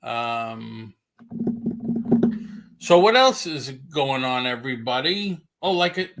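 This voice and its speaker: A man hosts a relaxed morning livestream, trading jokes with a guest and reading viewer comments aloud. His voice sits at an ordinary middle pitch, and he talks in an easy, chatty way. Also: takes it slowly, long pauses. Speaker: livestream host. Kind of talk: casual chat. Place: home livestream.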